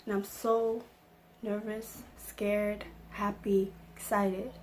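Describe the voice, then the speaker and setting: A woman's voice: mid-range voice, level tone, takes it slowly, darkish tone, a little hiss or hum. A young woman vlogger telling an emotional personal story, acting out the lines of the people in it. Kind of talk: storytime vlog.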